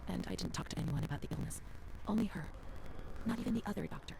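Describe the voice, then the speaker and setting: An actress voicing a troubled young woman who reads old asylum records in a hushed, measured, uneasy way, often dropping to a whisper. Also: on the low side, vocal fry, noisy background. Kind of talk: hushed game narration. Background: game music.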